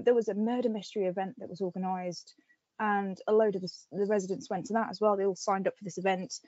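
A woman podcast host in casual chat, retelling a story with animated energy and plenty of fillers. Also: mid-range voice, no echo, lo-fi sound.

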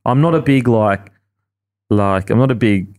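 A man's voice: medium pitch, a little slow, darkish tone. An Australian man, a former rugby league player, talking earnestly and rambling with lots of restarts as a podcast guest. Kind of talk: casual podcast chat.

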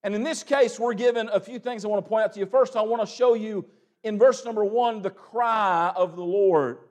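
A young man preaching a sermon, breaking into loud calls between plain teaching and quick asides. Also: high-pitched.

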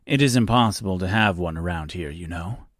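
A man's voice: low-pitched, a little fast, no room sound, studio quality, close to an everyday voice. A man voicing a boastful, lonely male storyteller who plays host with grand, theatrical airs, for an audiobook reading.

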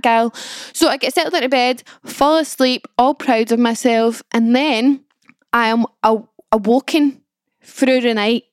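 A young woman hosts her own podcast, talking through a story in an easy, rambling way, full of "like". Her voice sits a little high, and the sound is dry with no room around it. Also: clean tone, no echo. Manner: chatty, peppered with "like", self-mocking. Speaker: podcast host. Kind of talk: casual storytelling monologue.

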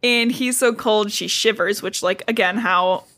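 A woman's voice: medium pitch, measured pace, fairly bright tone. A woman co-hosting a podcast, recapping a book chapter in casual, sarcastic chat full of swearing and "like.".

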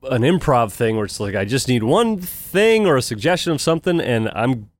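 Man with a lively, bouncing voice, telling jokes. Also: mid-range voice, brisk. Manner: loose, jokey storytelling. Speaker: podcast co-host. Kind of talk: casual comedic chat.

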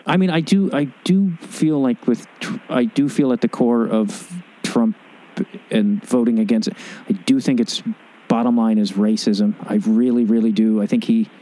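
A man's voice: mid-range voice, steady tone, moderate pace, warm tone, poor audio. A man chatting casually on a podcast, speaking in an earnest, emphatic way. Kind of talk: casual chat.

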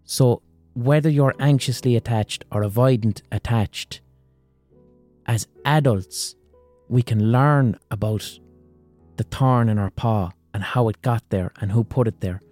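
Mellow-voiced man, frank casual talk. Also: mid-range voice, no room sound. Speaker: podcast host. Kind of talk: casual psychology talk with storytelling.

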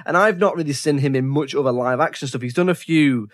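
A man's voice: a little high, fast. A man co-hosting a casual film podcast, thinking aloud with frequent restarts and fillers. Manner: thoughtful, many restarts and fillers.

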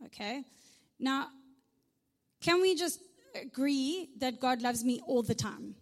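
A South African woman takes her time delivering a chatty sermon, her intonation lively and her somewhat high voice leaving a long reverb tail in the large church hall. She talks to the room casually, adding "right?" and humorous remarks.

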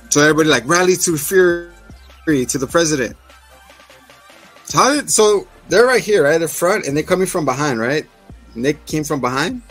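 Male podcast host, slightly high voice, loose and jokey, acts out scenes, faint music bed. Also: expressive, a little fast, a bit bright. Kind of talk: casual TV recap chat.

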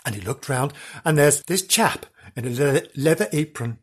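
A husky-voiced man tells comic ghost stories with a lot of showmanship. His pitch swings widely as he drops playful asides and cheeky innuendo. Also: expressive, normal speed. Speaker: podcast host. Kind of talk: comedic ghost-story telling.

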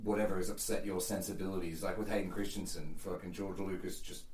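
Low-voiced man in casual banter. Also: steady tone, fast, a little mellow, far from the mic. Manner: laughing, swearing banter. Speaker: podcast co-host. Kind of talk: casual chat. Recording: echoey room, off-mic.

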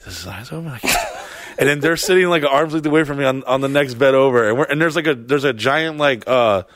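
A young man, a podcast host, telling a story in casual chat, animated and profane, acting out his own reactions. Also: mid-range voice, fast talker, no room sound.

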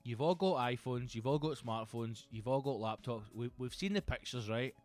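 A Scottish man hosting a comedy podcast, telling sweary, animated stories in a monologue. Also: mid-range voice, normal speed, faint music behind. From Scotland.

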